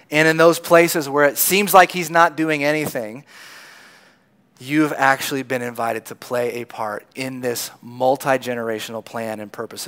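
A man's voice: mid-range voice, a bit bright. A man preaching a sermon in a conversational storytelling manner, acting out the lines of people in the crowd. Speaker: pastor.

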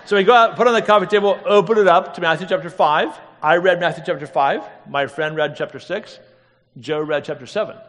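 A lively male preacher with a slightly raised voice tells stories to a crowd, tossing out rhetorical questions and laughing along. The sound rings out with the long reverb of a big hall. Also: high voice, brisk. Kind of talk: storytelling sermon.

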